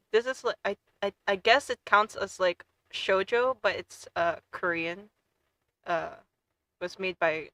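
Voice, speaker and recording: A woman streamer chatting casually and gushing with excitement, often stumbling and restarting her sentences. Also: mid-range voice, clean tone, no echo, low-quality recording. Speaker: VTuber streamer.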